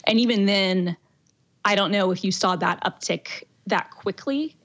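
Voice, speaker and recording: A woman's voice: medium pitch, a little slow, a bit bright, muffled recording. Thoughtful, hedging woman panelist. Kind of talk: casual panel chat.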